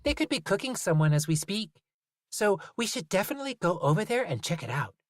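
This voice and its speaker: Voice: medium pitch, sing-song, brisk, no echo, clean studio sound, pitched above the performer's own voice, close to an everyday voice. A reader voicing a mischievous, theatrical young boy who leads the group in an audiobook. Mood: bossy. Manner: bossy and theatrical. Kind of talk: audiobook character voice.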